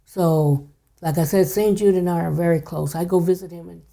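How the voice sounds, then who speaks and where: Older woman, low pitch, dark gravelly tone, hushed storytelling, podcast guest. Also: steady tone, moderate pace. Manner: hushed, drops to near whisper at times. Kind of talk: casual storytelling.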